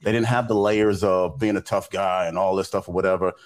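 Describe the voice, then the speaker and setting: Relaxed rambling man, lowish voice. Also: a little fast. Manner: relaxed, rambling, repeats words. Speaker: review panel member. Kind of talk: casual chat.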